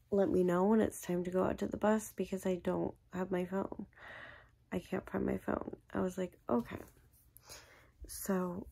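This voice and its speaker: A woman's voice: mid-range voice, vocal fry, dark tone, husky. A woman in her thirties chatting casually to her viewers as a vlogger, rambling through a story with many fillers and sometimes dropping to a whisper. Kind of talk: casual chat.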